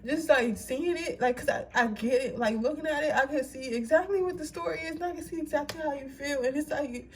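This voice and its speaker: A woman's voice: sits high, a little fast, hardly any pauses. A young woman doing a casual tarot reading, giving a slangy, swearing pep talk while crying. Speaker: tarot reader.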